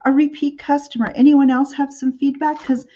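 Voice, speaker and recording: A woman's voice: high-pitched, flat delivery, moderate pace, mellow, dull audio. A woman hosting a live shopping show, chatting in a rambling way with many fillers.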